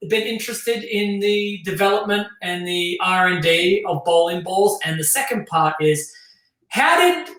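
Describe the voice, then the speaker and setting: Brief: Australian male host, casual and rambling, bright voice, roomy echo. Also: high voice, recorded from a distance. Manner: chatty, loose, lots of fillers. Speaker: show host. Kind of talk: casual hosted talk. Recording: echoey room.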